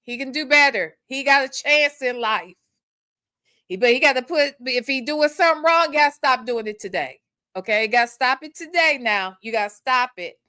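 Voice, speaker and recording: A female host with a high voice reads chat comments on her casual commentary livestream at a moderate pace, sounding bright and forceful. She is emphatic, profane and repetitive, tagging lines with "okay?". The recording is dry, studio quality.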